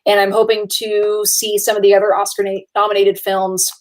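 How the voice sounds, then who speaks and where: A young adult woman co-hosting a casual movie podcast. She talks in an excitable, chatty way, with lots of fillers and quick laughs. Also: mid-range voice. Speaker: podcast co-host.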